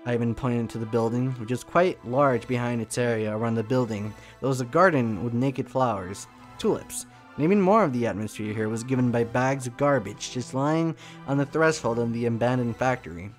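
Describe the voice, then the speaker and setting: A man reading a scripted story aloud in a measured storytelling voice. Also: medium pitch, faint music behind. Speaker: narrator.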